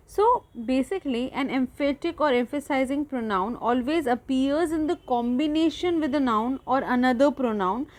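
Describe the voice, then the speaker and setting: A woman's voice: sits high, expressive, moderate pace. A woman with an Indian English accent, hosting a grammar video lecture for students and explaining step by step, repeating her example sentences. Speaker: teacher, channel host.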